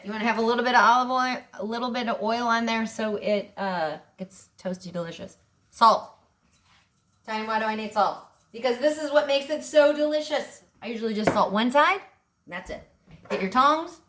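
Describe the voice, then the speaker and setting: Chatty woman in an echoey kitchen. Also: on the high side. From Italian family background. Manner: chatty, enthusiastic, asks and answers her own questions. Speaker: cooking show host. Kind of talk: casual cooking demonstration. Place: home kitchen. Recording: echoey kitchen with faint noise.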